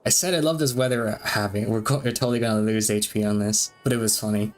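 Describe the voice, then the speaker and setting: A man streaming a game, reading its dialogue aloud between quick reactions and frequent laughs. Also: lowish voice, fairly even intonation, faint music behind. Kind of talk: let's-play commentary reading game text aloud.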